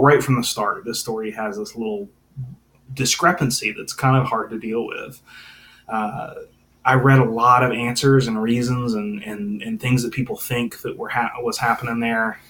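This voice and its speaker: A man's voice: on the low side, fairly bright tone, a little hiss or hum, low-quality recording. Casual man thinking aloud through Bible teaching. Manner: casual, thinking aloud, many fillers and restarts.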